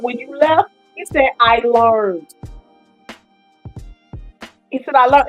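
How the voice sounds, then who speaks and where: Middle-aged woman, high voice, live-stream host talking to her chat, faint music under her. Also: rough recording. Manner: animated, talks to her viewers. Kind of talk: casual live-stream commentary.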